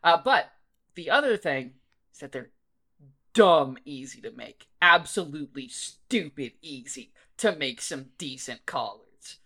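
Bright-voiced rambling podcast co-host. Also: male voice, on the high side, animated, unhurried. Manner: rambling, laughing, many restarts. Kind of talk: casual chat.

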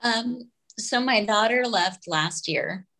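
Woman, podcast guest, slow and unhurried, hesitant with soft laughs. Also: fairly high pitch, vocal fry, poor audio. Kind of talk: casual interview chat.

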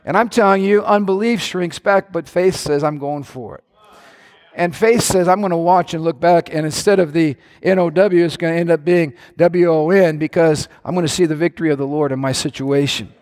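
A man preaching a sermon with passion, climbing to shouts and dropping into playful asides. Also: a little high, brisk, hardly any pauses, big-room sound. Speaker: pastor.

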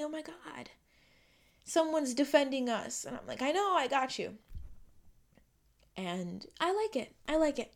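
Earnest young woman musing softly. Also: medium pitch. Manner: earnest, affirming, repeats phrases, drifts soft and quiet. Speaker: podcast host. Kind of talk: reflective solo podcast monologue.

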